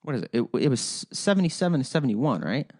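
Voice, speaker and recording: Animated, profane podcast host ranting solo. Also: male voice, mid-range voice, fast talker. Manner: animated, profane, rambling ranting with frequent restarts.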